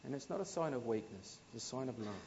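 A man from New Zealand with a New Zealand accent, preaching a sermon in a conversational, anecdotal way, with emphatic swells that drop to soft asides. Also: medium pitch, expressive, fast, lo-fi sound, slight background noise.

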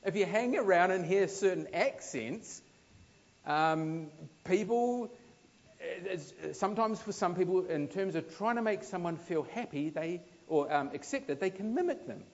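Here a New Zealander preaches in his native accent, swapping anecdotes casually and letting emphatic surges sink into soft side remarks. His voice is high-pitched with lively intonation, and he speaks a little slowly. The audio is dull.

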